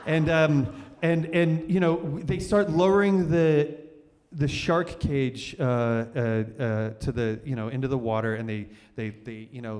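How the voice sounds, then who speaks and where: Animated male storyteller in a reverberant hall. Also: medium pitch. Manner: animated, vivid, repeats and restarts. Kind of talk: live stage storytelling. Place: cultural center hall, on stage.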